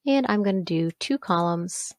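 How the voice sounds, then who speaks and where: A woman instructor talking through a software exercise step by step, pausing to correct herself along the way. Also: on the low side, lively intonation, no room sound. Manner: step-by-step, self-correcting with small asides. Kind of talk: screen-recorded software walkthrough.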